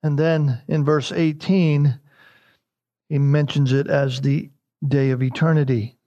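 Man, pastor, sermon, high voice, emphatic, repeats key lines. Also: little pitch movement, slow, dark tone, dull audio.

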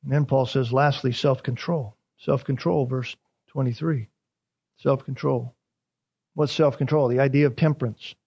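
A man's voice: medium pitch, steady tone, moderate pace, vocal fry, a little mellow, husky. A man preaching an expository sermon as pastor, repeating key words for emphasis. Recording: dull lo-fi sermon recording.

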